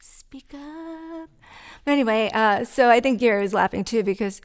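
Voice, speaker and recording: A woman's voice: a little high, quick pace, clean tone. A middle-aged woman hosting a vlog, chatting at home in a giggly, rambling, self-mocking way. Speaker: vlog host. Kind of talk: casual rambling monologue to camera. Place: sitting on the floor at home. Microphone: mic set up by her partner.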